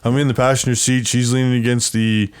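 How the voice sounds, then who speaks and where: A man's voice: mid-range voice, level tone, quick pace, smooth. A man casually telling a long story as an interview guest, rambling and acting out what others said, laughing often. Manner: rambling, acts out quoted voices, laughs often.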